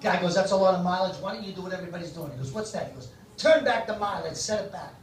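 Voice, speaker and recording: High-voiced club comic. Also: male voice, very fast, a little hiss or hum. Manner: brash, plays both sides of the jokes. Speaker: comedy club host and comic. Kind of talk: stand-up joke telling. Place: comedy club stage. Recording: echoey club from far off. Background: laughing crowd.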